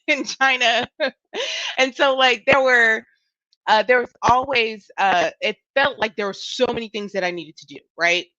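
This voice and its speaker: A woman in her thirties, a business coach hosting her show, telling a personal story in a lively, laughing way with lots of repetition. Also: mid-range voice, no room sound, lo-fi sound. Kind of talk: casual solo talk to camera.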